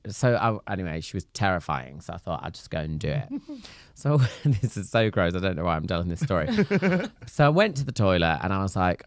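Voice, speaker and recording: Animated young man telling a story. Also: lowish voice, normal speed, dry recording, clean studio sound. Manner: animated, laughing through the story. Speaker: podcast co-host. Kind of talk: casual storytelling chat.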